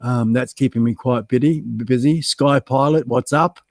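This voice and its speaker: Speaking at normal speed in a medium-pitched voice with no echo, the Australian livestream guest host reads the chat aloud. He's chatty and mocks himself about being stood up, peppering it all with ums.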